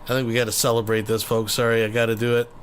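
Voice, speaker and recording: A man's voice: medium pitch, little pitch movement, very fast, slight background noise. A man hosting a casual commentary show, talking laid-back to his viewers. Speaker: commentary host.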